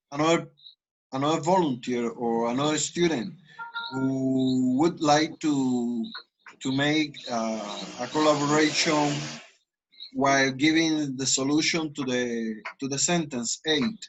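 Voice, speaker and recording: A man with a Spanish accent teaching English, explaining grammar and slowly modeling example sentences. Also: medium pitch, fairly bright tone, highs cut off, a little hiss or hum. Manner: switches between languages, slow deliberate model sentences. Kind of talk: online class, explaining grammar.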